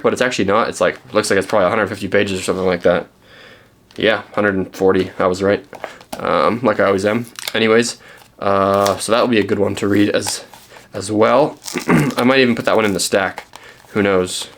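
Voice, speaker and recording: A man's voice: lowish voice, fairly bright tone, slight background noise. A young man from Canada, chatting casually and rambling with lots of ums while showing the books he found. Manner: rambling, self-deprecating, many ums and restarts. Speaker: book vlogger.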